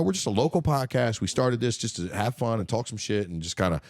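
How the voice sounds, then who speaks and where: A man's voice: medium pitch, lively intonation, fairly quick, a little mellow, no room sound, clean studio sound. A man hosting a casual podcast, talking in an emphatic, profane, ranting way. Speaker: podcast host.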